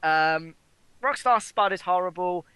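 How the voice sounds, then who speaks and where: A man's voice: sits high, unhurried, pushed and bright, smooth, no echo. A British man co-hosting a podcast in casual chat, blunt and swearing freely. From Britain. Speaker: podcast co-host.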